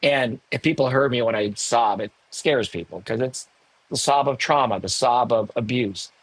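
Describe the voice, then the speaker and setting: Man in his sixties, husky voice, dry close sound, podcast guest, emotional storytelling, wry asides. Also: medium pitch, moderate pace, dry recording, rough recording. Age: 60s. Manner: emotional, animated, self-mocking asides. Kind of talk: candid personal storytelling. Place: home in the hills above a large city.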